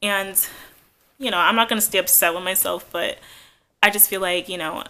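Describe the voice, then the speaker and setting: Twenties woman, casual vlog chat, bright tone, candid and rambling. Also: mid-range voice, fairly even intonation, moderate pace. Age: 20s. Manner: rambling, filler-heavy, candid. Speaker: vlogger.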